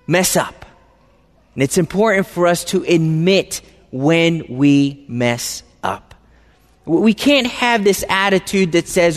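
A man with a high voice preaches to a congregation, leaning on repeated phrases and direct questions to the room. His words ring out with a long reverb, as in a large church hall. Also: expressive, slow pace. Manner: conversational, asks the congregation questions; emphatic, repeats phrases for stress. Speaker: pastor. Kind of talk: sermon.

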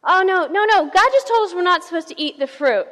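A woman's voice: very high voice, animated, fairly quick, fairly bright tone, pitched above the performer's own voice. A woman pastor voicing a flustered young woman who protests anxiously in a raised voice. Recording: reverberant hall.

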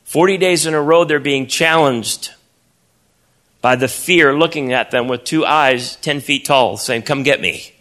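A man preaching a sermon, telling a story with animated delivery and acting out the voices of its characters. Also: on the high side, a little slow. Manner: animated, acts out voices, repeats words.

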